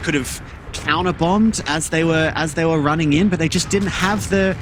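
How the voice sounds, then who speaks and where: A man doing rapid play-by-play commentary on a team shooter match, repeating words as he goes. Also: on the high side, background noise. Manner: fast play-by-play, trailing off into filler and repeats. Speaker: esports caster. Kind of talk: live game commentary.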